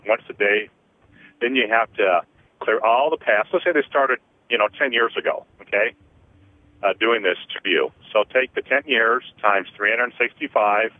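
Low-voiced man, tinny radio line. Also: no room sound. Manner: slow, deliberate counting with frequent fillers. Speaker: host, energy healer. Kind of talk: call-in radio talk with guided counting clearings.

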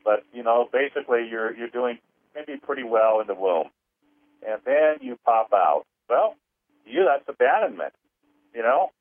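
A man, an energy healer on a radio talk show, who rambles with many fillers and counts slowly through a healing. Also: mid-range voice, sing-song, dry recording. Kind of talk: phone-in radio talk with guided clearing. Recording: tinny phone line, dry.

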